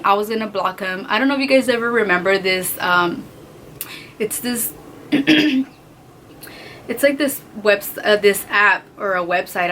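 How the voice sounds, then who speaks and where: A woman's voice: medium pitch, sharp tone, slight background noise. A young woman vlogger telling a personal story in a candid, casual way, swearing freely and using lots of fillers. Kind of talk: storytime vlog.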